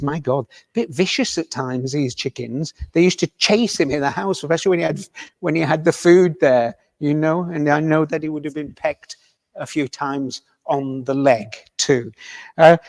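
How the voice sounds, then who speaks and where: A man with a fairly high voice gives a mediumship demonstration to an audience in a village hall. He speaks gently and tentatively, pausing to check with the listener. The sound is close and dry, with no room echo.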